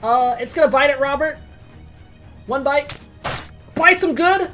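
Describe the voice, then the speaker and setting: A high-voiced woman runs a tabletop game and narrates the action with rising excitement. She swears freely and breaks into loud reactions at big rolls. Faint music plays underneath. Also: unhurried. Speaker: game master.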